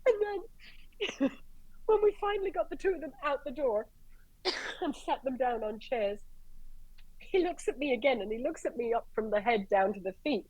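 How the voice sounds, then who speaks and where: Irish woman paramedic guest, blunt, animated storyteller, dry close sound. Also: high-pitched, normal speed, pauses often, no echo, low-quality recording. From Ireland. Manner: animated, blunt, swears freely, acts out quotes. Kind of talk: casual storytelling.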